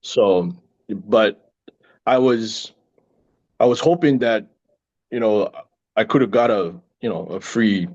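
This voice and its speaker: With a lowish voice, a middle-aged actor speaks slowly and leaves long pauses while chatting casually as a guest. He's an animated storyteller who laughs a lot, though the recording sounds muffled.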